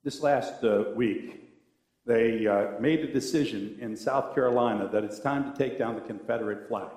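An older man preaching a sermon as pastor, talking in a conversational, wry and sometimes sarcastic way. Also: normal speed. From American South. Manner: conversational, wry and sarcastic, with animated swings of pitch. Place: church sanctuary. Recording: echoey church sanctuary.

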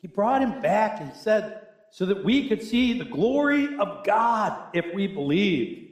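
A male pastor preaching a sermon with animated, humorous storytelling. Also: high-pitched, a little slow. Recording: echoey room.

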